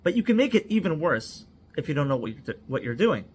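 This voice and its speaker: A man's voice: on the high side, very animated, fast, a little hiss or hum. Earnest man telling a cautionary story. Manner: earnest, stacks words in lists. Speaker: psychological first aid trainer.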